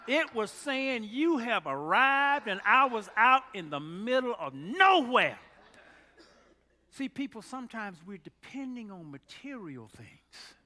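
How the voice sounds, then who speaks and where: This very high-pitched man preaches a storytelling sermon at a slightly slow pace, heard in a large hall. He's animated, at times exclaiming loudly and at others going quiet.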